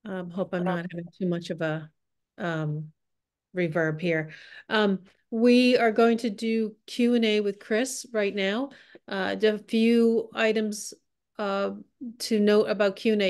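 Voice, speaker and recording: Woman hosting a webinar q and a, smooth clear voice, lots of ums. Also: medium pitch. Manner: friendly, with many fillers. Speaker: webinar moderator.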